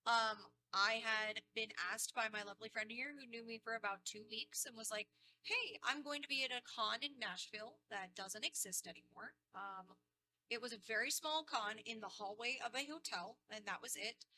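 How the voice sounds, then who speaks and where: A woman's voice: a little high, normal speed, pushed and bright, a little hiss or hum, rough recording. A woman on a convention panel, telling friendly stories in a casual way. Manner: friendly storytelling with quoted asides. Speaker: cosplay guest panelist.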